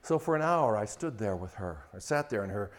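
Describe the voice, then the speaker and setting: An older man preaching a sermon on marriage, swinging from loud mocking quotes to hushed, intimate storytelling. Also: lowish voice, lively intonation, brisk. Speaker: pastor.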